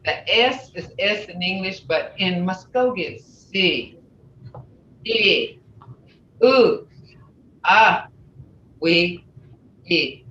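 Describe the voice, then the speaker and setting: Slow-spoken woman teaching a language class. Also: on the low side, expressive, fairly bright tone, a little hiss or hum. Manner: slow, repeats syllables for learners to copy. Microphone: video call. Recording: dull roomy video-call audio.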